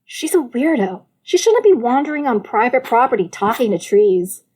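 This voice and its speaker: Brief: woman reading as a blunt, exasperated older brother, loud retorts, audiobook. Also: a little high, sing-song, normal speed. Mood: defensive. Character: irritable young adult brother, blunt and mocking. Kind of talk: audiobook character voice.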